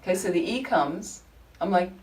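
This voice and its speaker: A woman leading a Buddhist study group, telling anecdotes in an informal, animated way. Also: fairly low pitch, moderate pace, distant mic, rough recording. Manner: chatty, animated storytelling with frequent laughter. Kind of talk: informal teaching talk with anecdotes. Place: group meeting room.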